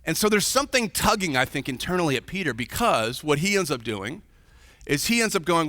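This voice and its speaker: Bright-voiced pastor in a reverberant hall. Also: male voice, fairly high pitch, big pitch swings, brisk. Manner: informal, chatty, checks in with the audience often. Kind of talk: conversational sermon. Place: church sanctuary.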